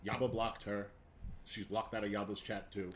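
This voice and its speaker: A man's voice: fairly low pitch, flat delivery, normal speed. Aggrieved, defensive male streamer. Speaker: streamer in a played clip. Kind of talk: casual stream talk.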